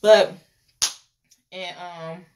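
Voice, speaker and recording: A woman's voice: fairly low pitch, fairly even intonation, very slow, a little mellow, a little hiss or hum. A young woman reviews a reality show in casual, opinionated chat, repeating phrases and laughing often.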